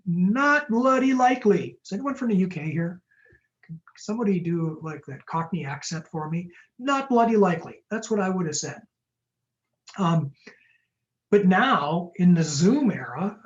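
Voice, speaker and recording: A man, a startup lawyer, giving a quick, jokey webinar talk and answering audience questions over a video call. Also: on the high side, darkish tone, muffled recording. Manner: fast-talking, jokey and upbeat.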